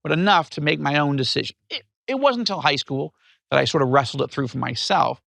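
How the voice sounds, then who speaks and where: A man in his fifties from upstate New York, telling his life story as an interview guest in an animated way. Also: fairly high pitch, fast, vocal fry, no echo. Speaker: guest author.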